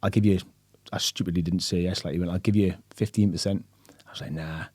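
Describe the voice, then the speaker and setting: A man talks at a rapid clip in a low, dark voice. He spins stories casually on a podcast, acting out the voices of the people in them. The sound is close and dry. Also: breathy edge, no echo. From England. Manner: animated storyteller, acts out other people's lines, swears casually. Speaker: guest.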